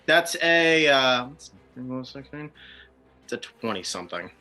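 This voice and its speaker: Male player, bright forceful voice, loose profane banter. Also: mid-range voice, animated, unhurried, soft background music. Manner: profane, joking. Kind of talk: casual tabletop game chat.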